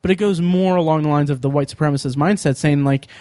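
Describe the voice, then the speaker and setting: A man with a slightly high voice hosts a podcast, rambling eagerly with lots of ums and self-corrections. The sound is close and dry, with no room in it. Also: fast, no echo. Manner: rambling, excitable, many fillers and restarts. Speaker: podcast host. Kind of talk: casual chat.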